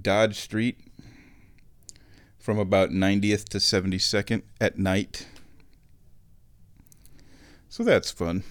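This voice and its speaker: Slow, rambling man from Nebraska. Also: lowish voice, no echo, studio quality. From Omaha, Nebraska, USA. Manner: rambling and nostalgic, chuckles often, clears throat. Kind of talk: casual monologue.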